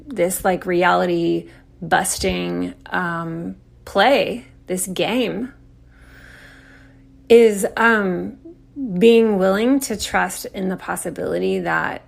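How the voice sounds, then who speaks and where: A woman's voice: medium pitch, vocal fry, a bit bright. A woman hosting an astrology podcast, talking in a rambling, playful way with lots of "like" fillers. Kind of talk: casual solo talk.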